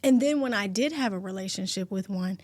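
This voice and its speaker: A woman in her forties co-hosting a podcast, talking in a heartfelt, open, expressive way. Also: medium pitch, fairly quick, no room sound, clean studio sound. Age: 40s. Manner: heartfelt and expressive, talks openly and at length. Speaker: podcast co-host. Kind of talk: casual podcast chat.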